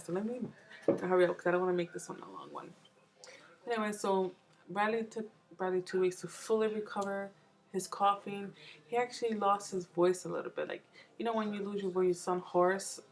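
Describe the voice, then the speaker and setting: A woman's voice: mid-range voice, brisk, rough recording. A young woman from New York, a mom vlogger, rambling casually to the camera with lots of fillers and restarts.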